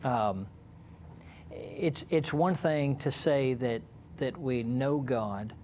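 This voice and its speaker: A man interviewing a guest for a church program, affirming and animated when he makes a point. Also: mid-range voice, extremely slow, slight background noise.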